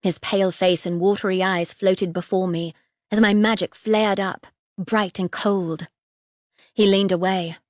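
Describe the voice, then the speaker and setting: A woman narrating a first-person fantasy audiobook in a tense, measured way. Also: on the low side, steady tone, no echo, clean studio sound.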